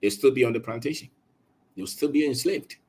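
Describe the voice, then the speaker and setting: Ghanaian guy giving a fired-up talk, husky voice, keeps hammering the same points. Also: mid-range voice, fairly quick, warm tone. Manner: emphatic, preachy, repeats phrases, switches between English and Twi. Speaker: speaker on colonisation. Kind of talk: impassioned motivational talk.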